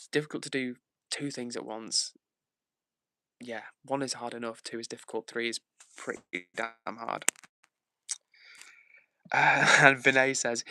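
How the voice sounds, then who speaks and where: A man's voice: mid-range voice, pushed and bright, dry recording. A man hosting a casual live stream, chatting and joking while reading viewer comments aloud. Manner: joking, playful. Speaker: livestreamer.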